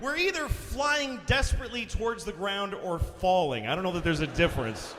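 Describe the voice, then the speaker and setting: A man doing stand-up comedy, telling a story in a profane, exasperated way that swings into shouting, recorded live in a big reverberant hall. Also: high-pitched, lively intonation, a little fast, hardly any pauses, a little hiss or hum.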